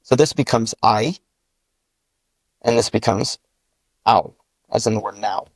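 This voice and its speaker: A man's voice: fairly low pitch, measured pace, breathy edge, no room sound. A man, a linguist guest, explaining his constructed language methodically and spelling out each sound with an example word. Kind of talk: patient step-by-step explanation.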